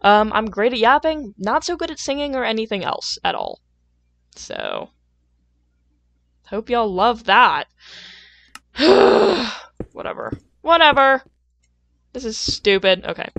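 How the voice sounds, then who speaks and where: A young woman rambling casually while she plays a game, full of fillers, self-deprecating asides and sudden loud, playful outbursts. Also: fairly high pitch, huge pitch swings, measured pace, long pauses. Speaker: gaming video creator.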